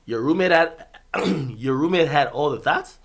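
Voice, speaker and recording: A young Jamaican streamer tells a rowdy story in casual chat at a normal speed, swearing freely and laughing. He's expressive, swinging between loud bursts and low mutters.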